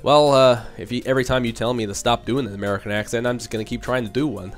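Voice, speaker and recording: A young man hosts his channel, casually fielding viewer questions in a chatty, rambling Q&A with frequent laughs and filler hums. His voice sits at medium pitch with fairly even intonation and a quick pace, and faint music plays behind him.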